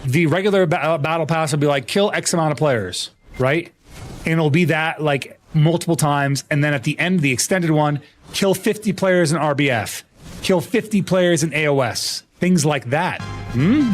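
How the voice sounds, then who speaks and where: With a slightly high voice and a bit of background noise, a young American man talks casually on his gaming stream. He rambles, swears, and gets animated as he shares stories and says hello to viewers.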